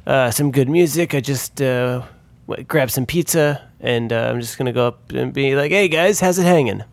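A man playing a tabletop role-playing game, talking in a playful, jokey, animated way as his character. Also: mid-range voice, normal speed, creaky, no room sound. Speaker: player.

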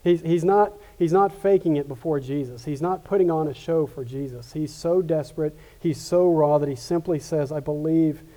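A male pastor delivers a sermon in an earnest, conversational way, often doubling back on his words. His voice sits a little high for a man. It has a warm, mellow tone. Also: moderate pace, hardly any pauses. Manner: earnest, with frequent restarts and repetitions.

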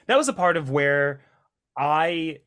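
A man's voice: a little high, expressive, takes it slowly, fairly bright tone. A man co-hosting a casual podcast, talking enthusiastically and rambling with restarts. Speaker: podcast co-host. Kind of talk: casual chat.

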